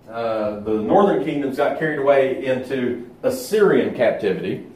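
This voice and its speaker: Man teaching a Bible lesson, halting. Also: medium pitch, darkish tone. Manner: unhurried, halting, many filler pauses. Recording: echoey room.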